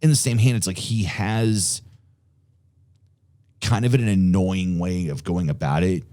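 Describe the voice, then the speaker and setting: A man co-hosting a podcast in casual chat, eager and quick in bursts, swearing casually. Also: deep voice, steady tone, dark tone. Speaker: podcast co-host.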